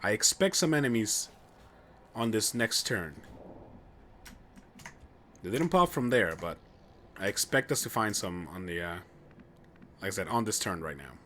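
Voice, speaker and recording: A man's voice: on the low side, animated, unhurried, pauses often, fairly bright tone, a little hiss or hum. A young man commentating his own gameplay on a live stream, chatty and joking as he thinks aloud. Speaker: game streamer.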